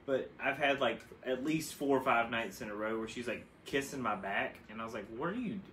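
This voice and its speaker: A man's voice: medium pitch, steady tone, fairly quick, a bit bright, a little hiss or hum. A man co-hosting a crafting video, chatting casually in a laid-back, teasing way. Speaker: co-host of a crafting channel. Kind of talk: casual chat while crafting.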